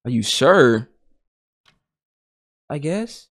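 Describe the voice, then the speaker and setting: Jittery young man with a gravelly voice. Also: mid-range voice, expressive, drawn-out words, no room sound, studio quality. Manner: jittery, talks to himself and chat with slang. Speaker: gaming streamer. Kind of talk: horror game commentary.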